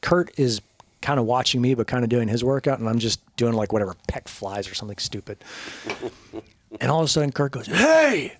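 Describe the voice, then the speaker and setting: A man's voice: medium pitch, a little fast, slight background noise. A man in his forties, a podcast guest, telling stories in a casual, profane way. He laughs often and acts out the voices of the people he quotes. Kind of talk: casual storytelling.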